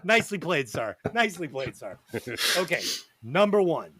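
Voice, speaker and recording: A man hosting a podcast and running a quiz, talking in a profane, animated way. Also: fairly high pitch, moderate pace, breathy edge. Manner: animated, profane, quizzing the others. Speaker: podcast host. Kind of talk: casual chat.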